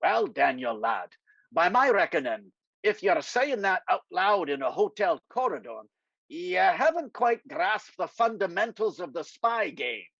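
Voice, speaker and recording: Man doing older politician, gruff, sardonic, teasing, lively pitch, dry lo-fi sound. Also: measured pace, no echo, full character voice. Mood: wry, teasing. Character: dry-witted older Scottish male politician. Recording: dry, slightly dull lo-fi sound.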